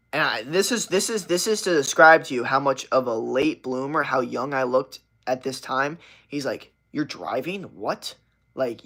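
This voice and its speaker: A man's voice: medium pitch, fairly bright tone. A young adult man livestreaming, telling a rambling, profane story with constant "like" fillers. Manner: rambling and profane, heavy use of "like".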